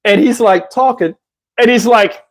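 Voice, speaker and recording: A man casually telling a story to his channel, in a slangy, profane, lively way. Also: high voice, measured pace, shouting. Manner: profane, slangy, lively retelling with acted-out quotes.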